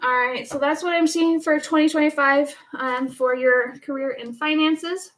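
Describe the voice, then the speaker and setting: A woman's voice: sits high, steady tone, normal speed, a bit bright, slight background noise, low-quality recording. A woman giving a live tarot reading in a casual, chatty way, often restarting her sentences. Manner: chatty, rambling, many restarts and laughs. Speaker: tarot reader.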